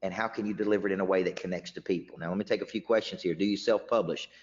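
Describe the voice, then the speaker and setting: This low-pitched man from Tennessee races through a motivational webinar as a business coach, his intonation fairly even. He's emphatic and keeps restarting his words, and the webinar audio is muffled with a long reverb.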